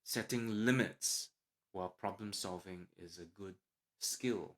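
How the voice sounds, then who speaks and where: Male podcast host, lowish voice, calm explainer who brightens when voicing example parent lines. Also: slow pace.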